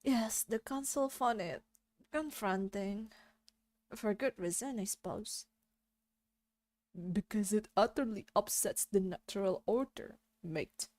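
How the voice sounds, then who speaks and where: A woman's voice: medium pitch, takes it slowly, a little mellow, no echo, lightly acted. A woman voicing a grumbling, world-weary old man while reading a visual novel aloud. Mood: dry. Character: grumbling old man in a dim cluttered den.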